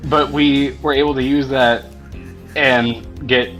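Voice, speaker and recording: A man in his twenties co-hosting a casual podcast. He laughs a lot and gets animated when he retells a story. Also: medium pitch, slow pace, faint music behind, low-quality recording. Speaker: podcast co-host.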